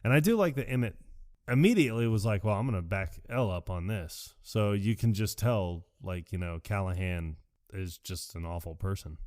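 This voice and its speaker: A man on a podcast talks through a movie scene by scene, slipping into quick impressions of the characters as he goes. His voice sits a little low and the sound is close and dry, with no room around it. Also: no echo. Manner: animated retelling, acting out lines in quick voices. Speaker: podcast co-host. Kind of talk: casual movie recap chat.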